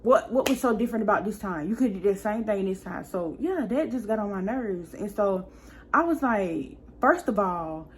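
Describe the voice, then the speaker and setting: A young woman chats straight to her viewers in a relaxed storytime, piling on asides and sounding fed up as she retells what happened. Her voice sits at an ordinary middle pitch for a woman, with a faint hiss of room noise underneath. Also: moderate pace. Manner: chatty, exasperated retelling with many asides. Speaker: vlogger. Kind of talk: casual storytime.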